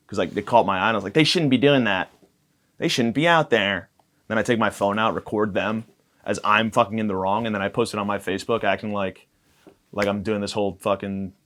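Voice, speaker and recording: A young man with a low-pitched voice rambles through a casual podcast monologue. He is crude and self-mocking, drifting from one tangent to the next. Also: fairly bright tone. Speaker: podcast host.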